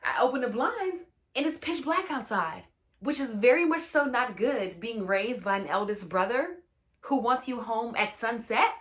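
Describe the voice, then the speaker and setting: A woman's voice: fairly high pitch, animated, moderate pace, fairly bright tone. A young woman telling a personal story in a casual, slangy storytime chat, full of "you know what I'm saying.". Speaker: storytime host.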